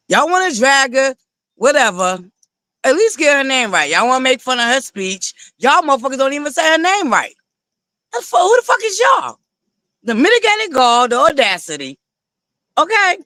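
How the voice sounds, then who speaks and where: High, bright-voiced sassy man. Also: no echo. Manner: animated, sassy, swearing often, given to laughing and digressing. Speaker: livestream host reviewing reality TV. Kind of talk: casual livestream commentary.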